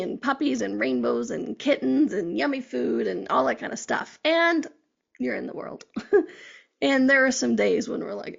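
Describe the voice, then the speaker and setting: A woman hosts a podcast in a chatty, encouraging way, often checking in with her listeners. Her voice sits a bit high and is heavily gravelly and husky throughout. The audio is dull and lo-fi. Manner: chatty, encouraging, frequent "um" and "okay?". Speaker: podcast host. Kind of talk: casual motivational podcast talk.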